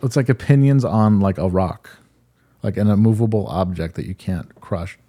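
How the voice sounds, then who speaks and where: A man co-hosting a podcast, trading crude deadpan jokes in casual banter and often trailing off mid-sentence. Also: deep voice, moderate pace, breathy edge. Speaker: podcast co-host.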